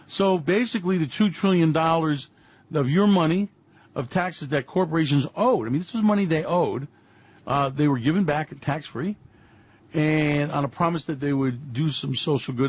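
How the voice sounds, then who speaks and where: A man's voice: fairly high pitch, husky, dull audio. A man hosting a radio show, giving fiery, mocking commentary on politics and finance with repeated punchlines. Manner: ranting, mocking, repetitive punches.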